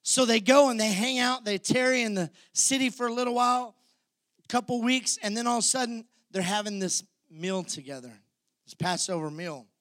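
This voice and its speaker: High-voiced storytelling preacher man. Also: brisk, fairly bright tone, dry recording, clean studio sound. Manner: vivid storytelling, audience call-outs. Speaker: pastor. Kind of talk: sermon.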